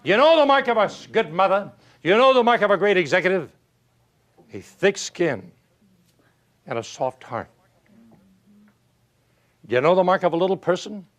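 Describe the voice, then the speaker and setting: An older man delivers a motivational talk in a high-pitched voice. He is animated and folksy, and he uses rhetorical questions, stories and chuckles to keep his listeners engaged. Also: normal speed, pauses often. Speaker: motivational speaker. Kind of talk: motivational speech to an audience.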